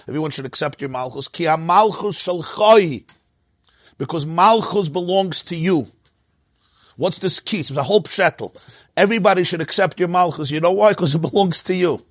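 Guy giving a torah class, kinda high voice, keeps repeating himself and chuckling, dry sound. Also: fairly quick, no echo. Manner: emphatic, repeats phrases, laughs between points; mixes in Hebrew and Yiddish terms. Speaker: Torah teacher.

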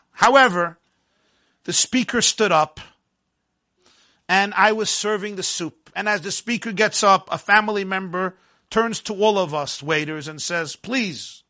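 A man tells a personal story in the first person, measured and dramatic. His voice sits high for a man and sounds bright and forward. He often eases into softer, quieter passages.

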